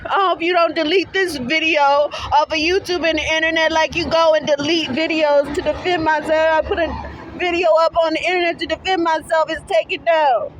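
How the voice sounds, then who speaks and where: A woman's voice: high-pitched, fairly even intonation, normal speed, a faint crowd, rough recording. A woman crying and ranting angrily at a bus stop, talking into her phone camera with plenty of swearing. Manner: angry, tearful, profane, repetitive. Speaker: mother posting a video appeal. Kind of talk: emotional selfie vlog rant. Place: outdoors at a city bus stop. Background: faint street traffic and passersby.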